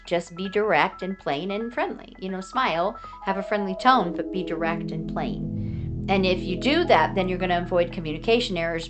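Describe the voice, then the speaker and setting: American woman, vlog host, earnest and talkative, music bed under her voice. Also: lowish voice. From United States. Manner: chatty and earnest, often acting out other people's replies. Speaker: vlogger giving advice to foreigners. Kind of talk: casual advice talk.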